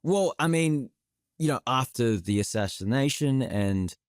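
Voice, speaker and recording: A man's voice: medium pitch, animated, measured pace, dry recording, clean studio sound. A man with an Australian accent, an actor chatting animatedly as a guest on a podcast interview.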